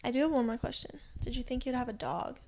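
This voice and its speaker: A woman's voice: a little high, lively intonation, quick pace, a little mellow. A young adult woman in casual chat with friends, teasing and arguing her point playfully. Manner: playful, argumentative.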